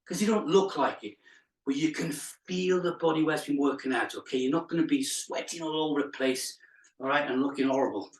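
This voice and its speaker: A male fitness instructor leading a live exercise class, counting reps aloud with chatty asides and laughing at his own jokes. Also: fairly high pitch. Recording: echoey room, mic far off.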